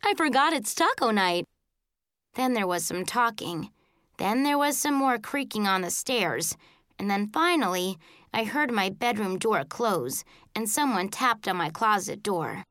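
A woman reading a children's storybook aloud in the first person, with expressive, lilting storytelling. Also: medium pitch, measured pace, no room sound, clean studio sound. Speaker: audiobook reader.

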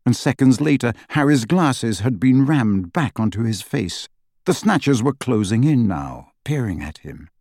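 A man narrating a fantasy audiobook in a dramatic, expressive reading. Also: mid-range voice, unhurried, dry recording, studio quality.

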